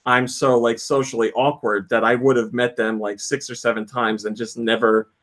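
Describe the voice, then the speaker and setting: A man's voice: mid-range voice, little pitch movement, normal speed, a bit bright. A man hosting a casual podcast, reading out news and telling stories with frequent laughs. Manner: reads out quotes and news, laughs often. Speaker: podcast host.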